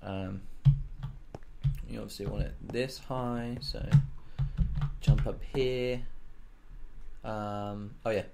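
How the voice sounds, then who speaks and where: A man's voice: fairly low pitch, fairly even intonation, slow, creaky, pauses often, heavy background noise. A man casually narrating his own gameplay, joking and rambling to himself as he builds. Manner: joking, rambling, talks to himself, makes silly sound effects. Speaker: let's play gamer.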